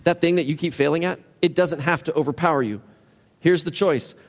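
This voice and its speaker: A man preaching a sermon as a pastor, conversational and animated, full of rhetorical questions and acted-out asides. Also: on the high side, brisk. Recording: long hall reverb.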